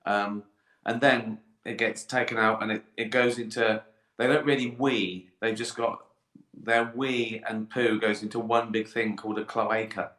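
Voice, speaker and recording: Middle-aged male host, low-ish bright voice, loose comic rambling, echoey room. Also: little pitch movement, unhurried. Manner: rambling, jokey, laughs at own jokes. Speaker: livestream host answering viewer questions. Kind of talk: casual live chat.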